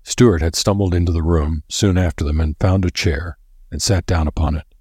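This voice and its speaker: A man narrating an audiobook in a measured, even storytelling manner. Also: low voice, slightly rough, dry recording, studio quality.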